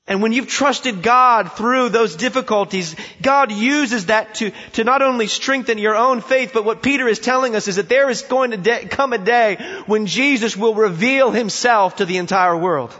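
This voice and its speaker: A man's voice: high voice, normal speed, few pauses, sharp tone. A man preaching a sermon, telling a story with emphasis and putting questions to his listeners. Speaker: pastor. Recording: dull sound in a reverberant hall.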